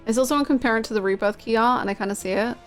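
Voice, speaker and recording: A woman's voice: fairly high pitch, very fast, faint music behind. A woman live-streaming, chatting casually with her viewers, gushing and swearing freely. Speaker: game streamer.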